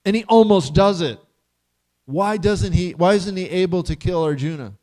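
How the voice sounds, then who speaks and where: A man giving a casual scripture class, telling stories with animated rhetorical questions and frequent chuckles. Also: sits high, moderate pace.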